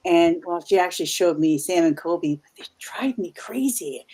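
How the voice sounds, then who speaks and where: A Canadian woman in her fifties talks as a guest on a paranormal chat show. Her voice sits a little low. She rambles through her stories and keeps restarting her sentences. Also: lively intonation, normal speed, warm tone, slightly rough. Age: 50s. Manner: rambling, full of restarts and asides. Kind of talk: casual chat.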